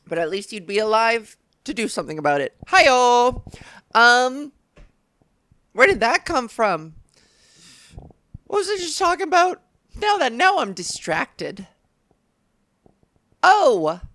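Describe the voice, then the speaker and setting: A woman hosts a solo comedy podcast, rambling crudely from joke to joke in a high, unhurried voice. She is close to the mic in a dry, dead room. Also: sing-song, a bit bright, no room sound. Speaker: podcast host.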